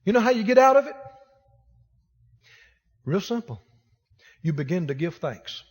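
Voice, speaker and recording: A man preaching a sermon to a congregation in a church auditorium. His voice sits very high and his pitch rises and falls with lively force as he hammers points home through repetition. The sound carries a long, ringing hall reverb. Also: unhurried. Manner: emphatic, repetitive preaching exhortation; addresses the congregation directly. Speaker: pastor.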